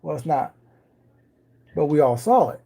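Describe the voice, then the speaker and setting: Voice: medium pitch, lively intonation, a little slow, vocal fry, dark tone, breathy edge. A livestream host chatting casually with viewers from a home kitchen, greeting people by name and speaking in a wry, ironic way. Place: home kitchen while baking.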